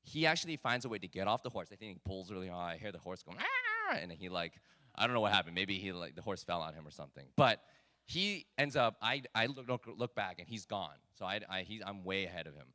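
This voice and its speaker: A man telling a personal story at a live talk event, animated and self-mocking with lots of fillers. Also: low-pitched, quick pace.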